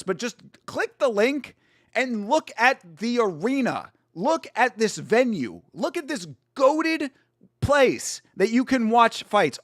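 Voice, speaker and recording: A young man hosting a casual live watch-along stream, chatty and excitable, full of slang and swearing. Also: sits high, dry recording, clean studio sound. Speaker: stream host.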